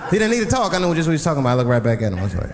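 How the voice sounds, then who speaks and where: A man performing stand-up comedy, telling stories in a wry way and swinging between loud and low delivery. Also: heavy background noise. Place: theater stage with audience. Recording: live stage mic with crowd laughter.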